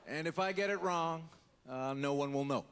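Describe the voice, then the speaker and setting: A man doing an impression of a male US president, giving a slow, deliberate speech with pauses on a live comedy stage. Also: on the high side, very noisy, lightly acted. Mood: solemn. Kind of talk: stand-up impression. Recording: hall reverb, faint crowd ambience.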